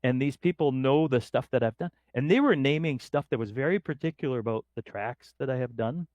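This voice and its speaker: Medium in pitch and a touch quick, this middle-aged man from northern Canada is a podcast guest who tells relaxed, lively stories and acts out each quoted voice. The audio is dull, with no echo.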